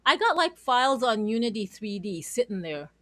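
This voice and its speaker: A woman's voice: on the high side, sing-song, normal speed. Bubbly chatty woman host. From Canada. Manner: bubbly, giggly, rambling. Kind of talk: casual livestream chat.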